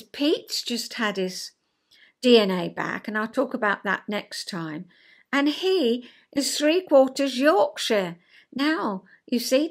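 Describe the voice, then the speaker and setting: An English woman in her sixties with a Southern English accent talks to camera from home in a chatty, rambling way. She fills her talk with asides and little fillers, and her voice sits a touch higher than most women's. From South East England. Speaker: vlog host. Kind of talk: chatty solo vlog. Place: at home, indoors.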